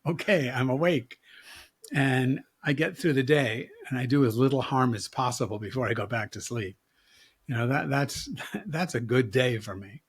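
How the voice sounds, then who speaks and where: A man in his seventies, a rabbi, talks through ideas in a relaxed, reflective way. His voice is somewhat husky, and he chuckles and jokes as he goes. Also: mid-range voice, moderate pace. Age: 70s. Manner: reflective, wry, chuckles often. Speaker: rabbi and guest. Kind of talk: casual conversation.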